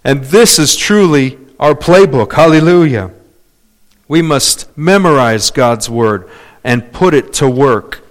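A man preaching a sermon, calling out for amens and hallelujahs, swinging between loud emphatic points and quiet asides. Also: medium pitch, slow. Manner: animated, calls for amens and hallelujahs.

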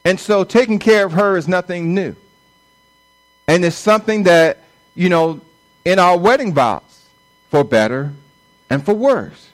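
A man's voice: high-pitched, lively intonation, a little slow, long pauses, low-quality recording. A middle-aged man, a pastor, preaching a conversational sermon and acting out quoted voices.

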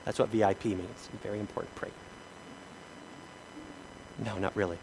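Speaking at a normal speed in a lowish voice, this middle-aged man preaches as a pastor over some background noise. His storytelling is animated and funny, and he performs each character's voice.

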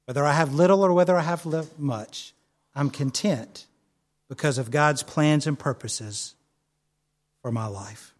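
A man preaching a sermon in an earnest, conversational way, his voice sitting slightly high. He tells stories with easy fillers and restarts, and he turns softer and slower when he leads into prayer. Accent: not local to the church's area. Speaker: pastor.

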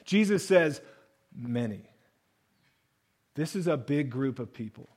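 High-voiced man preaching conversationally. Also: lively intonation, normal speed, darkish tone, rough recording. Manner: conversational preaching, reads scripture then explains with acted-out voices. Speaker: pastor. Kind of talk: sermon.

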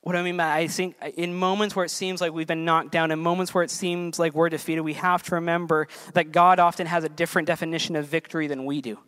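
A man preaching a sermon as a pastor, earnest, building to emphatic peaks and then dropping soft. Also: on the high side, little pitch movement, quick pace, few pauses, clear, resonant tone.

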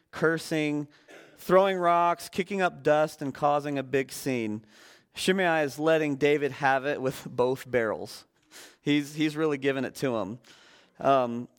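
A man preaching as a guest speaker in a relaxed, conversational sermon, joking with the congregation and using many fillers. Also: mid-range voice, clean tone. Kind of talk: casual sermon.

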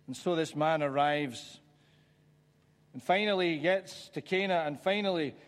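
A man preaching a sermon, reflective and conversational, pausing for emphasis. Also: a little high. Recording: church hall with long reverb.

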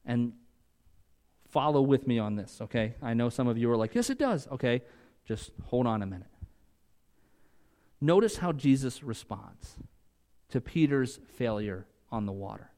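A man preaching a sermon in a conversational way, moving from loud, emphatic peaks to quiet asides. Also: medium pitch, a little slow, long pauses. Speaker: pastor.

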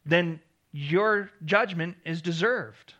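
A man's voice: high-pitched, takes it slowly, bright, forceful tone, dull audio. A man preaching a sermon, earnest and emphatic, repeating key phrases for weight. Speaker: pastor.

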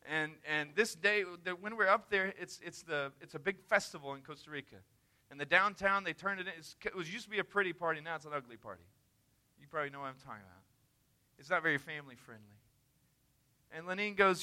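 Male missionary preacher, emphatic storyteller, sharp, ringing tone. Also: fairly high pitch, brisk. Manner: earnest, emphatic, conversational. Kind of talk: sermon storytelling.

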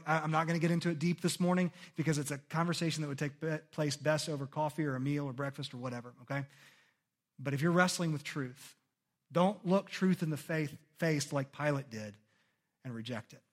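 A male pastor delivering a sermon in a conversational, earnest way, often pausing for "okay?" check-ins. His voice sits a little high and climbs sharply during dramatic scripture readings. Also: fairly even intonation.

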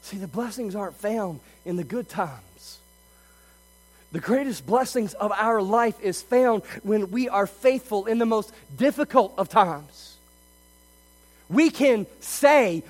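A man preaching a sermon as pastor, moving between loud, emphatic passages and quiet, intimate asides. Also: high voice, long reverb tail, rough recording. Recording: faint mains hum.

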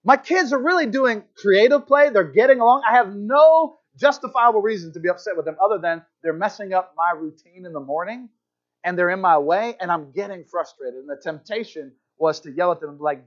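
A high-pitched male pastor preaching to his congregation. He tells stories in a chatty, self-deprecating way and often restarts his sentences. The recording is dull and lo-fi, taken in a church. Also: lively intonation, fairly quick. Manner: conversational, self-deprecating storytelling with frequent restarts. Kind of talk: sermon. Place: church sanctuary.

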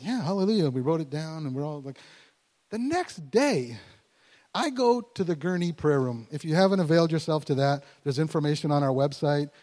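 Man, pastor, conversational sermon, animated, slows down on scripture, somewhat high voice, long hall reverb. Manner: conversational and animated, voice rising in bursts; slows down to stress scripture words. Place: church sanctuary.

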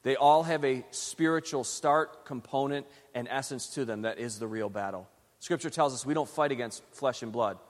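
A man's voice: mid-range voice, moderate pace. A man preaching a sermon as pastor, reading scripture dramatically with joking asides to the congregation. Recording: long hall reverb.

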